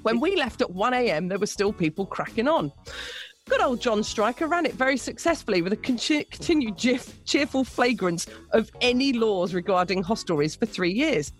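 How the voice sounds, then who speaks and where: Lively woman reading on the radio. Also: fairly high pitch, moderate pace, faint music behind. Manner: lively, amused storytelling, laughing between lines. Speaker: radio co-host. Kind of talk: reading a listener's story aloud on radio.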